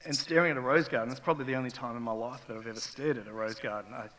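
Racing along in a steady, somewhat bright medium-pitched voice, a middle-aged pastor preaches a sermon while recounting a raw, emotional personal story with rising intensity. The church hall adds the long reverb of a big space.

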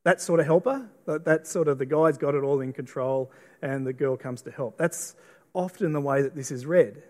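A man's voice: fairly high pitch, moderate pace, a little mellow. A middle-aged man with an Australian accent preaching a sermon in a church auditorium, earnest, often repeating and restarting words. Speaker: pastor. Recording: long reverb of a church hall.

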